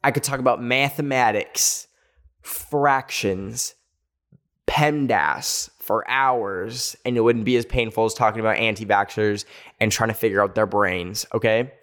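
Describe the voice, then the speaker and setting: Male podcast host, casual and sassy, animated storyteller. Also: lowish voice, measured pace. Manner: animated storytelling, sassy asides, acts out quotes. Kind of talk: casual chat.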